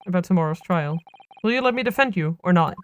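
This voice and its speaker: A woman's voice: lowish voice, lively intonation, quick pace, slight background noise, lightly acted. A woman voicing an earnest young male defense lawyer who reasons things through aloud, reading game dialogue on a stream.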